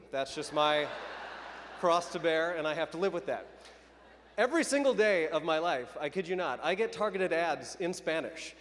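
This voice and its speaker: Self-deprecating stand-up comic in an arena. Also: male voice, high voice, fairly bright tone. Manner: self-deprecating, conversational, crowd banter. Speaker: stand-up comedian. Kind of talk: stand-up comedy set. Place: large arena stage. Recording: arena reverb, faint crowd noise. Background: audience laughter.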